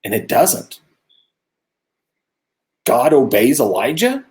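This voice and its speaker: A man co-hosting a casual Bible study talk, earnest and musing, growing animated when he makes a point. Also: medium pitch, slow pace. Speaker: co-host of a religious discussion show. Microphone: own camera close by, video stream.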